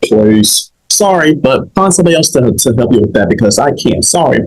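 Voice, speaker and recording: A man's voice: medium pitch, animated, brisk, low-quality recording. A young man hosting a comedic advice show, emphatic and preachy, often checking in with his listeners.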